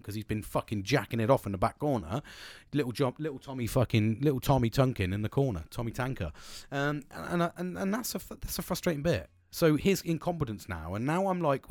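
A man with a British accent telling a work story in a casual rant, swearing heavily and veering between muttered asides and loud bursts. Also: medium pitch, expressive, fairly quick, no echo. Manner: heavy swearing, blunt and boastful. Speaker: vlogger.

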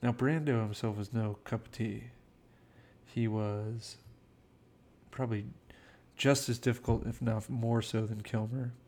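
A man's voice: on the low side, fairly even intonation, measured pace, a little mellow. A man casually telling behind-the-scenes film anecdotes in a chatty way, acting out quotes. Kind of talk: casual storytelling commentary.

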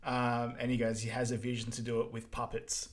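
A man co-hosting a podcast, summarizing film scenes in a relaxed way full of fillers. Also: medium pitch, fairly quick. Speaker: podcast co-host. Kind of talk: casual film recap chat.

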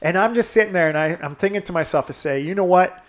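A man's voice: on the high side, rapid-fire, fairly bright tone. A man hosting a podcast, telling a crude story in casual chat, laughing often and swearing freely. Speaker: podcast host.

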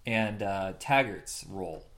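Animated man chatting about movies. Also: slow pace. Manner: animated, swears freely, acts out movie lines in high squeaky voices. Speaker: podcast co-host. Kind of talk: casual chat about movies.

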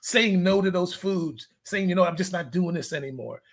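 A man's voice: high voice, expressive, normal speed. A man, a fitness coach, chatting casually in an interview, telling candid rambling stories and laughing at his own jokes.

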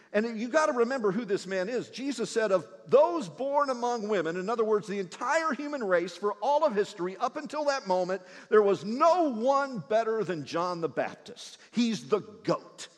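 A man preaching a sermon from the pulpit, swinging between loud emphasis and hushed, quiet lines. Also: sits high. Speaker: pastor. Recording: long hall reverb.

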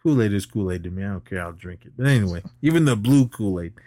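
A man co-hosting a podcast, retelling a film's plot in a casual, animated way and laughing often. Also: lowish voice, fast talker, no echo, clean studio sound. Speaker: podcast co-host. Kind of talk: casual movie recap chat.

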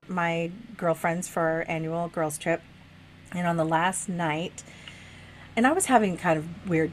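A woman casually telling a vivid dream story in a chat, animated, swearing freely and laughing as she goes. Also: lowish voice, slight background noise. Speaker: guest sharing a dream.

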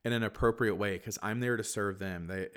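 Low-voiced young priest telling his story. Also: steady tone, brisk, clear, resonant tone. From Kentucky, USA. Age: young adult. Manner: reflective storyteller with frequent fillers and soft laughs. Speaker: Catholic priest, guest. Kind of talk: personal testimony in conversation.

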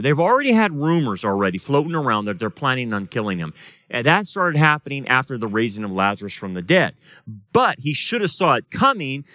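A man's voice: fairly high pitch, a bit bright, no room sound. A man teaching a Bible study as a pastor, talking casually and asking the class questions. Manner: plays out voices in quoted dialogue. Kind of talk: sermon. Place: church or study room.

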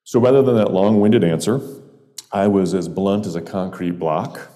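A man's voice: sits low, normal speed, mellow, big-room sound. A man from upstate New York telling a humorous personal story in a wry, meandering way with playful digressions. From Jamestown, New York, US.

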